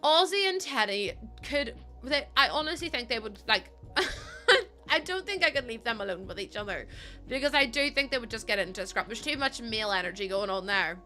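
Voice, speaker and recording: A young woman live-streaming a game, chatting casually with her viewers, giggling often and breaking into excited thanks. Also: on the high side, fairly quick. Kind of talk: casual live-stream chat while gaming. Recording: faint game music behind.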